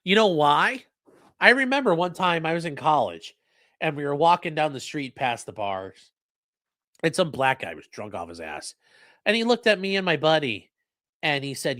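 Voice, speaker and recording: A man's voice: sits high, big pitch swings, normal speed, pushed and bright, dry recording, studio quality. A man hosting a casual livestream, talking bluntly with profane, mocking asides. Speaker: livestream host and lawyer.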